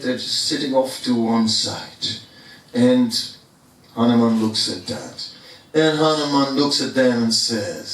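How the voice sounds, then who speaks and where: Slow-speaking preacher in an echoey hall. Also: male voice, medium pitch, expressive, a bit bright, far from the mic. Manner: slow, deliberate storytelling. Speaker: spiritual teacher. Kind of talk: sermon storytelling.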